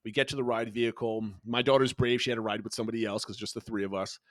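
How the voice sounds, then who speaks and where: A middle-aged man co-hosting a podcast, telling trip stories in a lively chatty way with frequent restarts. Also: fairly low pitch, fast, no room sound. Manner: animated storytelling with frequent restarts. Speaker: podcast co-host, father. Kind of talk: casual chat.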